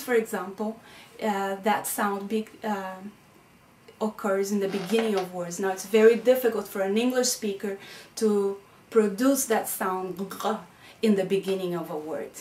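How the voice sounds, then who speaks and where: A woman's voice: mid-range voice, a little mellow, a little hiss or hum. A woman lecturer explaining concepts patiently, often checking in with "okay?" and "right?". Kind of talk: recorded classroom lecture. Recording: echoey room, mic at a distance.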